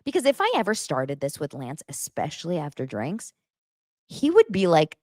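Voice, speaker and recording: A woman's voice: deep voice, wildly swooping pitch, normal speed, darkish tone, dry recording, clean studio sound. A woman hosting a casual gossip podcast, talking bluntly and sarcastically. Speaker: podcast host.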